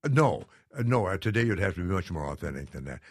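Older man, low dry voice, chuckling. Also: sing-song, fast talker, dry recording. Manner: self-deprecating, laughs often. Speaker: guest. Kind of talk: casual interview chat.

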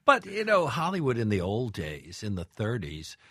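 A man hosting an interview, asking questions in a halting way with many fillers. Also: mid-range voice, wildly swooping pitch, bright, forceful tone, husky, no room sound, clean studio sound. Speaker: radio host.

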